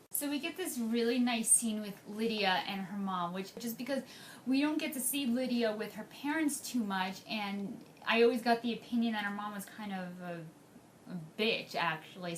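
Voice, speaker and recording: Excitable young woman gushing through a recap. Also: medium pitch, slight background noise. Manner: gushing, excitable, swears freely. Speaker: TV episode recapper. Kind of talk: casual recap vlog.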